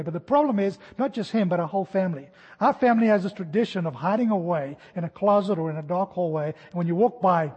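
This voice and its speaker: High-voiced husky man preaching. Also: brisk, in a large hall, lo-fi sound. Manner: animated storytelling, acting out jumps and shouts. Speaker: pastor. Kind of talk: expository sermon.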